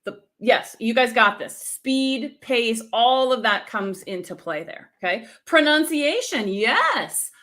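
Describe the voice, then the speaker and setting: A middle-aged woman coaches viewers during a live stream, with a fairly high and very animated voice that swoops up and down. She sounds energetic and teacherly, checking in with her audience at every turn. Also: takes it slowly, few pauses. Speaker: speaking coach.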